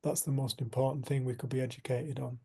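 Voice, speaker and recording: A man with a gravelly, rather dark voice speaks to a community group. He tells his story in an earnest, unhurried way. His talk is reflective and spiritual. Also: mid-range voice, steady tone.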